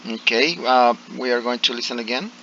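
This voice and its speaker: A man's voice: medium pitch, a little fast, pushed and bright, a little hiss or hum. A male English teacher explaining pronunciation to a class, hesitant and full of fillers and restarts, on slightly dull audio.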